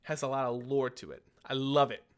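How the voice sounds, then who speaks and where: A man's voice: mid-range voice, steady tone, a little fast, clear, resonant tone. A young man hosting a casual live stream, chatting and answering viewer questions, a little phlegmy. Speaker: streamer host.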